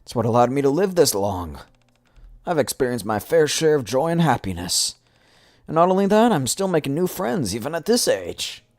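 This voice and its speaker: A stubborn old woman with a blunt, dry way of speaking, as a man reads her lines. Her lines are read from a game story on a stream, with a lively rise and fall in the reading. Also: medium pitch, moderate pace, no echo. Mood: wistful.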